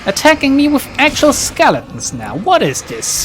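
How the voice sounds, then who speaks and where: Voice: high-pitched, huge pitch swings, moderate pace, faint music behind. Rambling game streamer. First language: German. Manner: rambling, laughing, tangential. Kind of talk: casual let's play chat.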